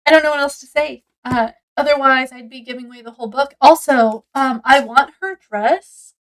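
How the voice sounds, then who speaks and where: A woman's voice: sits high, moderate pace, a bit bright, low-quality recording. A woman casually reviewing a book, rambling through the story with lots of likes and ums.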